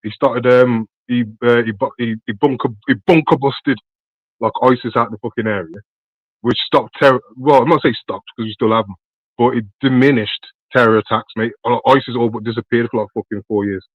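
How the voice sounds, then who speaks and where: A man's voice: medium pitch, steady tone, brisk, dry recording. A British man calling into a show, casual and slangy, swearing freely and hesitating with many ums. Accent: British English. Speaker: caller. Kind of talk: casual call-in chat. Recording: lo-fi call line.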